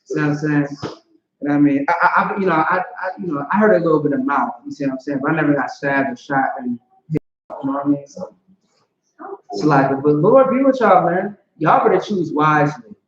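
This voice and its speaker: A man's voice: fairly high pitch, a little fast. A man teaching an informal scripture class, talking conversationally and often asking "you know what I'm saying". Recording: roomy, dull lo-fi.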